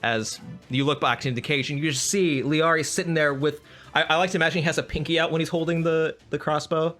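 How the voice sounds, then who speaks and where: A man narrating a tabletop game as game master, animated, laughing often and repeating himself as he talks. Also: fairly high pitch, quick pace, soft background music.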